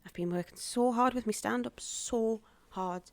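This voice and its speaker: Slightly high-voiced and speaking at normal speed, an actress and stand-up comic shares her own stories as a podcast interview guest. She animates them by doing the voices of the people she quotes, in a dry recording.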